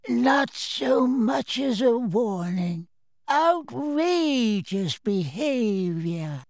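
Guy doing a fussy old professor, high and wobbly, drawn out slow, dry close sound. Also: big pitch swings, no echo, exaggerated voice. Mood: indignant. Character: elderly fussy male examiner professor.

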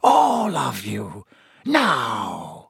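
A man's voice: mid-range voice, huge pitch swings, creaky, slightly rough, no echo, clean studio sound, heavily acted. Snape, a man doing an icy sneering schoolmaster. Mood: cold scorn. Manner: slow, clipped and icily deliberate, dropping to a soft menacing hush. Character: cold, sneering male schoolmaster, menacing and contemptuous.

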